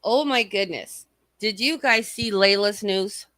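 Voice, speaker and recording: Unhurried and sharp-toned, a woman with a mid-range voice hosts a casual livestream with no echo. She reads out the chat and mocks her rivals in a rambling, profane way, her throat a bit scratchy.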